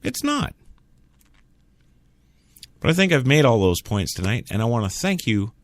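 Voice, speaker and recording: A man holds forth alone on his talk radio show, sarcastic and opinionated. His pitch leaps up and down with a lot of life. The sound is dry and close, right on a studio mic. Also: sing-song, fast talker, no echo. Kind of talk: solo talk radio monologue.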